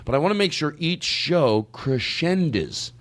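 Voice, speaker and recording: A man's voice: a little high, animated, measured pace, fairly bright tone. A man hosting a podcast in casual studio chat, rambling and joking and often breaking off his own sentences. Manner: rambling, joking, self-interrupting. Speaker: podcast host.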